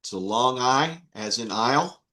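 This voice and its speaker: A man's voice: medium pitch, lively intonation, normal speed, bright, forceful tone. A man teaching an online Greek class, patient and repeating himself with many fillers. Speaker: Greek instructor.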